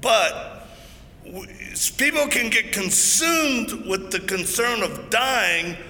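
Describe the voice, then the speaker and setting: Guy preaching hard at some big event, super sharp voice, jokes around while he tells stories. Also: high voice, expressive, slow pace. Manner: emphatic, joking storyteller. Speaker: event speaker. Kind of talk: preaching-style speech. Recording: echoey hall, faint noise.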